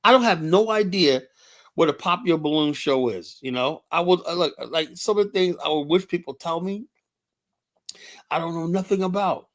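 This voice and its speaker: On his livestream, an older man reads chat and talks bluntly and casually, rambling, cursing often and constantly saying "you know." His voice is on the high side and moves at normal speed.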